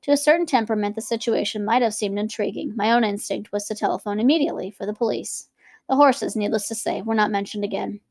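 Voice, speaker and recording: A woman's voice: mid-range voice, a little mellow, no echo. A woman reading a classic novel aloud and stopping for casual commentary. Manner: quick, conversational asides between reading. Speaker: reader and teacher.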